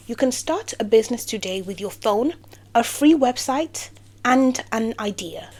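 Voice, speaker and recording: Woman, fairly high voice, motivational vlog, playful, sarcastic, rambling asides. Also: animated, measured pace. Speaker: vlogger. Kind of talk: motivational talk to camera.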